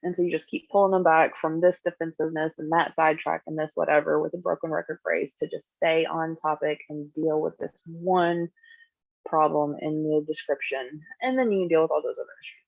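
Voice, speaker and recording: Gravelly-voiced woman teaching a skills class. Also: sits low, brisk, no echo. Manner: conversational, acts out example dialogue in lively voices. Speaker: skills group therapist. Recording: dull, dry lo-fi recording.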